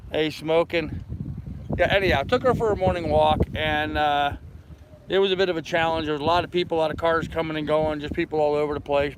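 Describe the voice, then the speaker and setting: An older man chats to his camera from a boat in a marina, his voice a touch high for a man. He rambles easily and calls out greetings to neighbors passing by. Wind buffets the mic throughout. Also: rough recording. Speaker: vlogger. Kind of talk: casual chat to camera. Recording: wind noise outdoors by the water.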